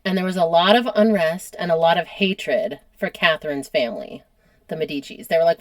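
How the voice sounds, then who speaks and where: A woman's voice: on the low side, animated, brisk, no room sound. An American woman hosting a podcast, telling history in a casual, chatty way and laughing often. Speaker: podcast host.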